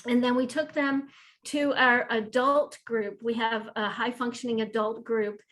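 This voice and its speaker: A woman's voice: fairly high pitch, flat delivery, measured pace, a bit bright, low-quality recording. Enthusiastic woman sharing ministry stories. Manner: enthusiastic, rambling storytelling. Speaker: disability ministry leader. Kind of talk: video call roundtable sharing. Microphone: video call.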